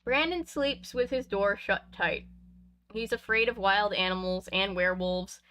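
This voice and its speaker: A woman's voice: mid-range voice, a little slow, bright, forceful tone. A woman reading a book aloud, breaking off for chatty, laughing asides between passages. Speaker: reader of a book.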